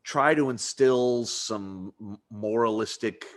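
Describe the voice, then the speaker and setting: A man's voice: lowish voice, slow pace. A man hosting a podcast interview in casual chat, rambling with lots of restarts and frequent laughter. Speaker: podcast host.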